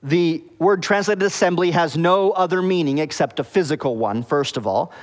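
A pastor with a fairly high-pitched voice preaches a sermon at normal speed, his voice slightly raised. He explains word meanings step by step, often asking the congregation "okay?" and "does that make sense?" to check they're following. A long reverb makes his voice ring out as if in a church hall.

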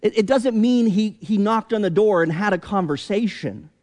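A man preaching a sermon as pastor, deliberate and emphatic, with rhetorical questions. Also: high voice, a little mellow, in a large hall.

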